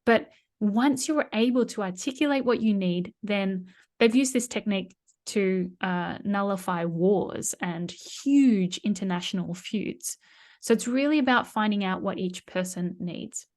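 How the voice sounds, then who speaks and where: A middle-aged woman, chatting as an interview guest. She tells stories in an animated, conversational way and often restarts her sentences. Her voice sits in a middle pitch. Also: a little slow. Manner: animated storyteller, frequent restarts and laughs. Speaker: guest communication trainer.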